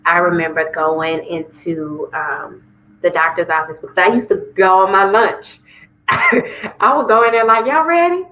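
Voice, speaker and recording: A woman from Memphis, sharing a personal testimony as an interview guest and acting out dialogue with sudden jumps in pitch. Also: a little slow, highs cut off. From Memphis, Tennessee. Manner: animated storyteller, acts out dialogue with lively pitch jumps. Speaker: guest singer sharing her story.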